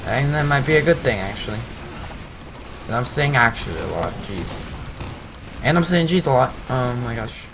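A man's voice: mid-range voice, normal speed, vocal fry, long pauses, noisy background. Rambling young man narrating his gameplay. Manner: rambling, self-mocking, excitable outbursts. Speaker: gameplay commentator. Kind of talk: casual gameplay commentary.

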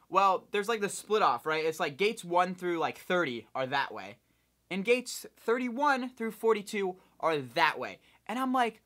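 A young man from Ohio, a vlogger telling a rambling, animated story with lots of swearing. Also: on the high side, a little fast. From Ohio, United States. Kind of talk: casual storytelling vlog.

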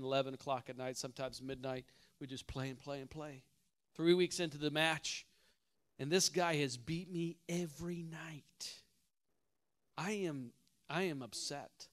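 A man preaching a sermon at a church conference, telling a personal story and moving from hushed asides to loud shouts. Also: a little high.

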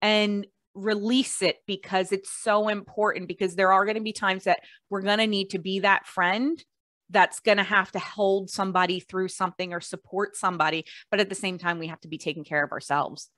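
Bright-voiced woman hosting a podcast. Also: mid-range voice, fairly even intonation, moderate pace, no echo, studio quality. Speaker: podcast host. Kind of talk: casual conversational interview.

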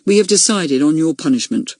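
Stern schoolboy chairman, read by a woman narrator: lower voice, firm, measured. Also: lively intonation, darkish tone, breathy edge, no echo, clean studio sound.

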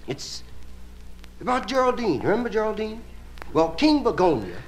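Male stand-up comic, lively high delivery, relaxed drawl; live album with tape hiss. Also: moderate pace. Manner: relaxed drawling, playful asides. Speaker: stand-up comedian. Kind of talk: stand-up comedy storytelling. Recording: hissy live album recording.

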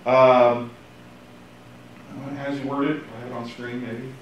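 A man teaching a casual Bible class, animated and joking, acting out quotes. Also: mid-range voice, a little slow, recorded from a distance, muffled recording. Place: church classroom. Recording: echoey room, faint hiss.

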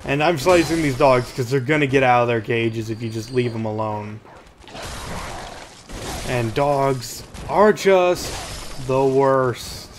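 A man giving rambling gameplay commentary at home, chatty and quick to yelp when the game gets tense. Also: medium pitch, a little hiss or hum. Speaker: let's play host.

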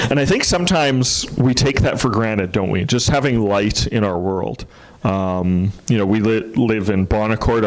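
A man's voice: mid-range voice, low-quality recording. A man, a pastor telling a story in a sermon in a casual, rambling way with many fillers and restarts.

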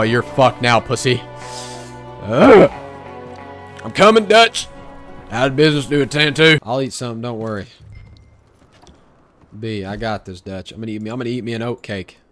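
A young man doing loud, profane, excitable commentary while playing a video game. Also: mid-range voice, moderate pace, long pauses, faint music behind. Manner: profane, excitable trash talk. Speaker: gaming streamer. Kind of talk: gameplay commentary.

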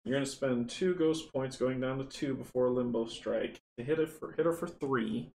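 A man casually running a board game playthrough, chatty and excitable, counting dice rolls aloud. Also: medium pitch, moderate pace. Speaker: tabletop game runner and player. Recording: roomy echo, faint noise.

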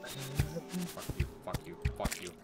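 A man chatting casually while playing a video game with friends, swearing and shouting when things go wrong. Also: medium pitch, sing-song, takes it slowly, music in the background. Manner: swears a lot, yells when frustrated. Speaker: gamer. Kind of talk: casual gaming chat.

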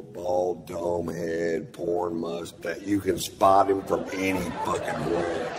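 Deep-voiced middle-aged guy doing stand-up, slow drawl, lots of cussing, big echoey theater. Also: slight background noise. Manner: drawling, profane storytelling with rambling asides. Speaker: stand-up comedian. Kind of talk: stand-up comedy set. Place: large theater stage with audience. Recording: live theater recording with long reverb.

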